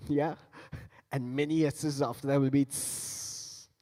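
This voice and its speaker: A man demonstrates beatboxing in a playful stage talk at a large conference hall, encouraging the crowd to take part. He speaks slowly with a steady, mellow, medium-pitched voice, and the hall's reverb rings long.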